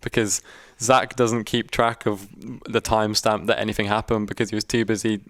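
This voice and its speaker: A young man, a video editor, calmly explaining his editing choices with dry humour. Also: lowish voice, normal speed, dry recording. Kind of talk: casual breakdown chat.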